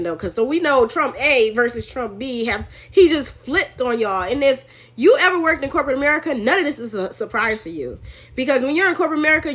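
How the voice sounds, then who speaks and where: A high-voiced woman in her thirties riffs on politics in a loose, chatty monologue. She keeps it lively, slipping into mock voices to act out what others said and laughing along the way. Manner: animated, acts out quotes in put-on voices, laughs often. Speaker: political commentary host. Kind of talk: casual opinion monologue.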